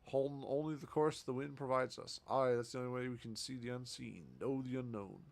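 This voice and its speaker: A man's voice: mid-range voice, steady tone, fairly quick, vocal fry, natural voice. A man reading out a boisterous, adventurous ship captain's lines in a hearty, declaiming voice. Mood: rousing.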